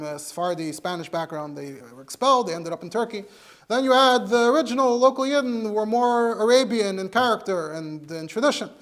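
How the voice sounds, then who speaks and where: This man's voice sits high and sounds a bit bright. He is a rabbi giving a Torah lecture on halacha in English, explaining the sources one step at a time and sprinkling in Hebrew and Yiddish words.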